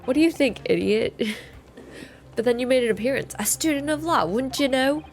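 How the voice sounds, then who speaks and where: A woman voicing a brash, scheming middle-aged man with a lilting brogue, gruff and slow, in a game playthrough. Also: high-pitched, pitched above the performer's own voice. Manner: blustering and conspiratorial. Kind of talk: video game voice-over playthrough.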